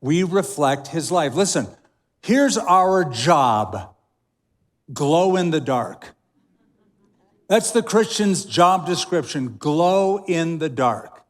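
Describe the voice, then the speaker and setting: A man delivers a sermon from the pulpit, unhurried and deliberate, leaning into dramatic pauses. His voice sits a little high for a man. The sound carries a long reverb from a large church auditorium. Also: sing-song. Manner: emphatic preaching with dramatic pauses. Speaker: pastor.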